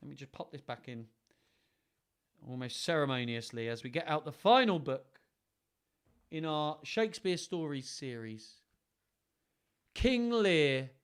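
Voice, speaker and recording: A man's voice: mid-range voice, animated, moderate pace, long pauses, clear, resonant tone. A young man hosting a live stream, chatting casually and thinking aloud in a playful way.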